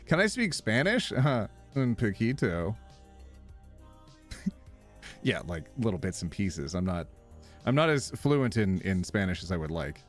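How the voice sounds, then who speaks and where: A man with a lowish voice speaks a little slowly, leaving long pauses, as soft music plays in the background. He's live streaming, chatting casually with viewers, animatedly reading their messages aloud and laughing a lot.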